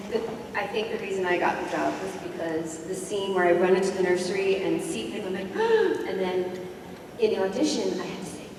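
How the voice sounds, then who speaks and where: A woman's voice: mid-range voice, heavy background noise. A woman on a convention panel telling an audition story, giggling and acting out scenes with gasps. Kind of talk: casual panel talk. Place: large convention hall. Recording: echoey hall from far off, loud crowd.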